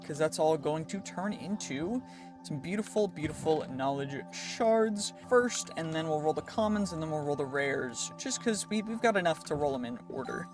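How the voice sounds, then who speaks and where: A man hosting a gaming channel, casually commenting on his gameplay in a chatty, excitable way, talking through each move and often restarting his sentences. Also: on the high side. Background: background music.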